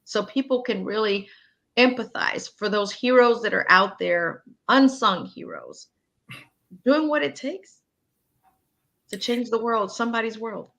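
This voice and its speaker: A woman's voice: fairly high pitch, expressive, unhurried, creaky, fairly bright tone. A woman hosting an interview, affirming her guest and asking long, searching questions. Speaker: interview host.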